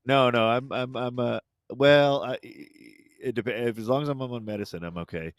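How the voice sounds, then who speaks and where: A man in his forties co-hosting a podcast in casual chat, low-key and hesitant, with many fillers. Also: normal speed, no echo, studio quality. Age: 40s. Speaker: podcast co-host.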